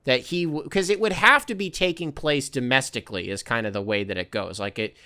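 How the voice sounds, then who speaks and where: Male podcast host, clean resonant voice, mid pitch, profane sarcastic solo rant. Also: fairly quick, sharp tone. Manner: sarcastic, profane, rambling with mocking impressions.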